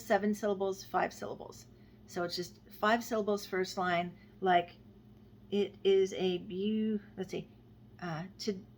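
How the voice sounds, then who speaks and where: A woman giving gentle, heartfelt spiritual advice to camera, talking freely from the heart and trailing off softly at the ends of phrases. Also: mid-range voice. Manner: gentle, heartfelt, meandering with fillers and soft trailing endings. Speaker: astrologer and spiritual guide. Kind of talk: unscripted spiritual talk to camera.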